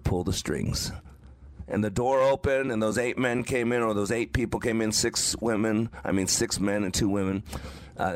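A man hosting a motivational show, telling a personal story in an emphatic, repetitive way with faltering restarts. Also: lowish voice.

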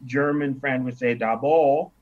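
A man's voice: mid-range voice, fairly even intonation, unhurried. A man in his thirties from Nigeria, telling stories in a casual interview and acting out the dialogue. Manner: reflective storyteller who acts out quoted dialogue. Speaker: interview guest. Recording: dull lo-fi sound.

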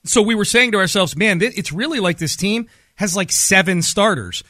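A man hosts sports talk radio in a brisk, analytical way. His voice sits high and sounds bright, and the studio sound is close and dry. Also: lively intonation, dry recording.

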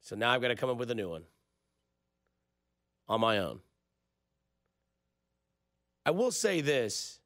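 A man's voice: medium pitch, sing-song, unhurried, long pauses, a bit bright, no room sound. A man hosting a sports radio show, casual and jokey, on a close studio mic. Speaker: radio host.

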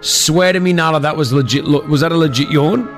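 A man's voice: fairly high pitch, a little fast, soft background music. A man hosting a morning radio show, playful and teasing, laughing often with callers. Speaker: radio host. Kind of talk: casual radio chat.

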